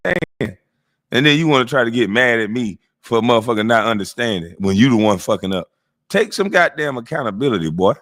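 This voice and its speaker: A man's voice: medium pitch, a bit bright. Profane, mocking man reacting to a clip. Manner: mocking, laughing, swears heavily. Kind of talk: profane live commentary.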